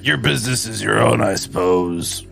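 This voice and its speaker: A laid-back male space pirate, played by a man with a heavily gravelly, dry voice and an easy, smooth-talking manner. Faint music plays behind him. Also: on the low side, normal speed, a bit bright.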